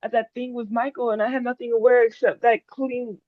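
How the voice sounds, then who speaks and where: A woman's voice: on the high side, flat delivery, a little fast, no room sound, phone-quality sound, lightly acted. An actress playing a millennial woman who is defensive with her parents and playful with her boyfriend. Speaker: Anna.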